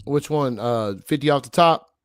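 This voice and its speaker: A man hosting a casual livestream chat, hyped and slangy, shouting out people in the chat. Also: mid-range voice, normal speed, clean tone, no echo, studio quality. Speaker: livestream host and DJ.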